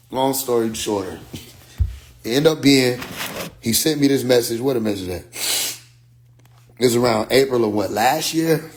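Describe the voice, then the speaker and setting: Animated man telling a story with profanity. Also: mid-range voice, normal speed, pauses often. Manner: animated, profane, quotes others in dialogue. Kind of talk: casual storytelling monologue.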